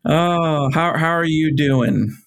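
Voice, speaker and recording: A man's voice: fairly high pitch, takes it slowly, creaky. A man co-hosting a podcast in casual chat, laid-back and lightly teasing, often repeating his words. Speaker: podcast co-host.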